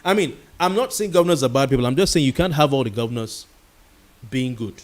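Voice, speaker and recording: A man's voice: mid-range voice, expressive, quick pace. A Nigerian-accented man hosting a late-night talk show, giving a heated commentary monologue with pidgin words mixed in. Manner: passionate and ranting, mixing pidgin words.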